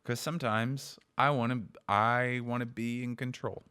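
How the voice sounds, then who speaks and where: A man's voice: medium pitch, fairly even intonation, moderate pace, sharp tone, clear, resonant tone. A man co-hosting a podcast in a studio, rambling through stories and poking fun at himself. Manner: rambling, self-deprecating storyteller. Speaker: podcast co-host. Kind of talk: casual comedic chat.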